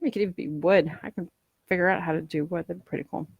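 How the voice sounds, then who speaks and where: A woman's voice: fairly low pitch, fairly even intonation, fast, creaky, husky, dry recording, highs cut off. A woman crafter chatting casually through a live demo at home, rambling and acting out what customers might say. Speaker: polymer clay crafter selling ornaments.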